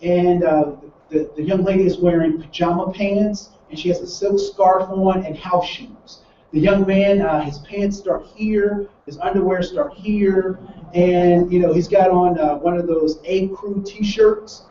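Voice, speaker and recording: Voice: mid-range voice, unhurried, a little hiss or hum. A workshop trainer lecturing a live group, telling a story with lots of restarts and repeated words, and acting out the people in it. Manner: animated storyteller who acts out the people in the story. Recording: roomy echo from far off, dull and lo-fi.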